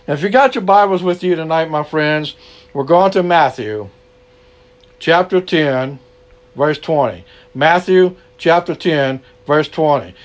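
Earnest male preacher, fairly high voice. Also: animated, unhurried. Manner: earnest, repeats key lines, ends in prayer. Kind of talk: sermon. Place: online gathering.

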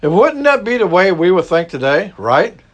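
A man's voice: sits high, big pitch swings, normal speed, highs cut off. A man preaching a sermon as a pastor, in a folksy, conversational way. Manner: folksy, conversational preaching with Southern turns of phrase.

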